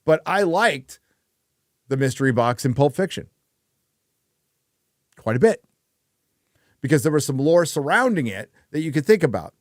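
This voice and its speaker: A man's voice: fairly high pitch, very animated, normal speed, long pauses, dry recording, studio quality. A man hosting a casual livestream chat, ranting with plenty of swearing and reading out viewer donations. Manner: profane, ranting. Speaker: host; reads viewer donations aloud.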